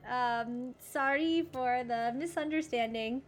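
A woman's voice: high-pitched, slow. A woman putting on a flustered French nurse. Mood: composed. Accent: put-on French. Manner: dramatic, excitable, sprinkles French words. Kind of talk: tabletop role-play.

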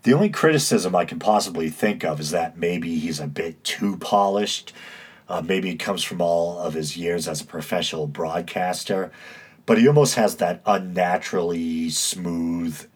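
A man's voice: deep voice, normal speed, breathy edge. A man with a droning, stuffy-nosed East Coast accent hosting a casual solo podcast, dry and self-mocking, with many uhs. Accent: East Coast American. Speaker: podcast host.

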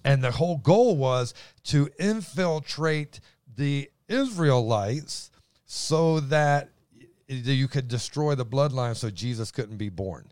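An excitable man teaching the Bible in a casual chat, his voice booming as he stumbles over restarts. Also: slow, clean tone, no echo, clean studio sound.

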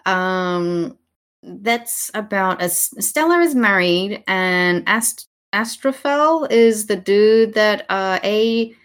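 A woman co-hosting a casual podcast chat about poetry, sarcastic and animated, with many fillers and restarts. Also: mid-range voice, takes it slowly, clean tone. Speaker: podcast co-host.

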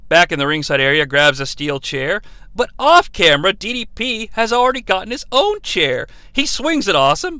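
A man's voice: on the high side, bright, forceful tone, clear, resonant tone, dry recording. A man hosting a podcast, giving a theatrical, mock-dramatic play-by-play recap. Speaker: podcast host.

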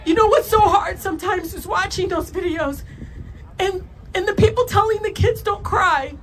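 Parody sob voice: man doing a wailing, crying woman, very high falsetto. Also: moderate pace, a bit bright, slight background noise. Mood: mock weeping. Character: tearful shrill female congresswoman, mocking parody.

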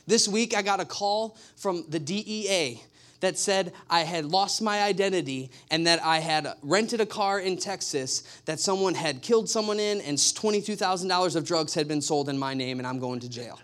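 A man with a fairly high voice delivers a sermon. He tells stories in an animated way and drives his points home with emphatic repetition. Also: moderate pace. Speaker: pastor.

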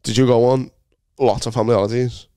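A man's voice: mid-range voice, fairly even intonation, fast, mellow, smooth, no echo, clean studio sound. A man co-hosting a podcast, trading jokey banter in casual chat, swearing and laughing at his own jokes. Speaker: podcast co-host.

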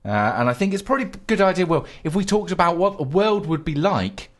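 A man's voice: high voice, animated, quick pace. A man co-hosting a comic podcast, playful and mock-grandiose, muttering asides. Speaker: podcast co-host. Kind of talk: comic banter.

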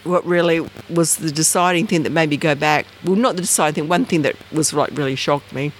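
Speaking fairly quickly over a faint hiss or hum, an Australian woman from Bathurst Island in northern Australia shares personal stories in an interview. Her casual storytelling rambles, full of fillers and restarts. She animatedly acts out quoted voices with large pitch leaps.

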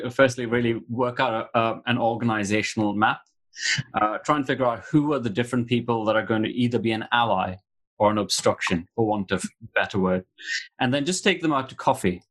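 Relaxed man hosting a panel. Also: on the low side, a little fast. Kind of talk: casual panel discussion.

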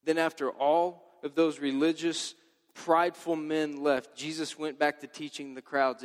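High-voiced guy preaching, jokey and loose, big echoey hall. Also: moderate pace. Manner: casual, joking, lively. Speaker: pastor. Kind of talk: sermon.

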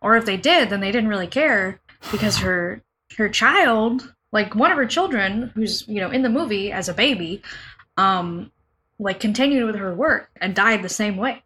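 A woman's voice: medium pitch, animated, normal speed, pushed and bright, a little hiss or hum. A woman co-hosting a film podcast, rambling casually and saying "like" a lot. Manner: rambling, heavy use of "like". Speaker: podcast co-host. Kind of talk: casual chat.

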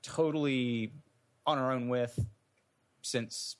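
A man's voice: mid-range voice, fairly even intonation, slow pace. A man, an indie game developer, answering interview questions in a thoughtful, meandering way with many fillers and restarts.

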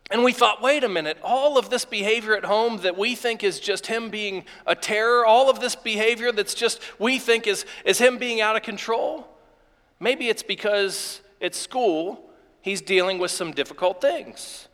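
Emotional high-voiced pastor in a reverberant church. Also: male voice, fairly bright tone. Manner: emotional storytelling with halting restarts. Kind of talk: sermon. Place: church sanctuary. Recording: long hall reverb in a church.

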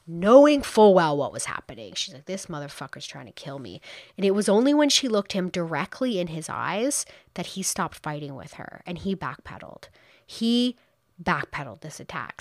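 Donna chiacchierona dalla voce bassa. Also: female voice, no echo, clean studio sound. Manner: animated, quotes people in playful voices, exclaims. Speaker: true crime storyteller. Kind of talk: casual true crime retelling.

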